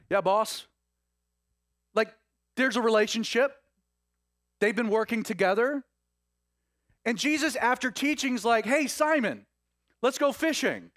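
High-voiced, animated male preacher. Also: no room sound, studio quality. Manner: animated, conversational, laughing asides. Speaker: pastor. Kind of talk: sermon.

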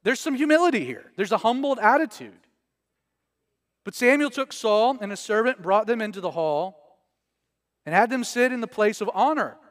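A man's voice: high voice, animated, moderate pace, no room sound. A man preaching a casual verse-by-verse sermon as pastor, conversational and joking with slang asides.

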